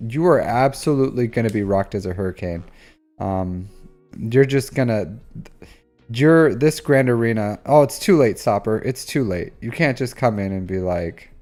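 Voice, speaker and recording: A man's voice: mid-range voice, animated, moderate pace, darkish tone, soft background music. A man in his thirties hosting a live stream, chatting casually and teasing his viewers in a rambling, jokey way. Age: 30s. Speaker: live-stream host reviewing game accounts.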